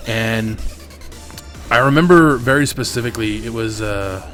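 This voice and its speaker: A man's voice: on the low side, unhurried, a bit bright, soft background music. Candid, swearing gaming host man. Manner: candid, profane, rambling. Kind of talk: casual storytelling over gameplay.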